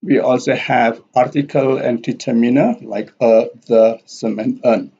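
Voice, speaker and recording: A man teaching a recorded language lesson, walking through examples on slides in a deliberate, repetitive way. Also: mid-range voice, fairly even intonation, vocal fry, warm tone, breathy edge. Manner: slow, deliberate, repeating examples. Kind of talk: slide-based lecture. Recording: dull lo-fi audio.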